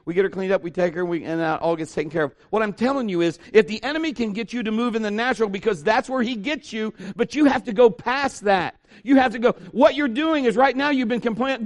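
A middle-aged male pastor delivering a sermon, animated and story-driven, with a notably high voice. He slips into other people's voices as he tells the story. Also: fast talker.

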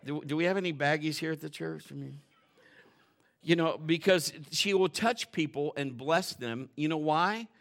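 A male pastor preaching a sermon in a folksy, joking way, dropping to quiet asides and building to loud, fervent stretches. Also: fairly high pitch, moderate pace, gravelly. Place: church.

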